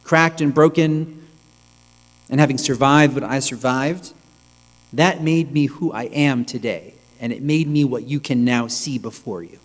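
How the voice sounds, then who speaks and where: Reflective male rabbi in a reverberant sanctuary. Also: mid-range voice. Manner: reflective, measured, with pauses. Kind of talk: sermon. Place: synagogue sanctuary. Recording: long reverb with mains hum.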